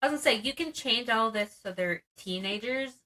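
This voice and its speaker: A woman's voice: on the high side, a little fast, low-quality recording. A woman co-hosting a book podcast, chatting casually and agreeably about a novel. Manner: relaxed, agreeable, frequent "yeah". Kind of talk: casual chat.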